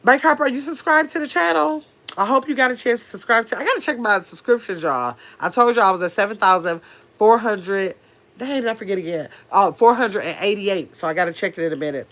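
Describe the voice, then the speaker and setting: An older woman hosting a livestream, chatting casually and reading viewer comments aloud, animated and talking with her hands. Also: medium pitch, quick pace. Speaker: livestream host reading chat. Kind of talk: casual live chat.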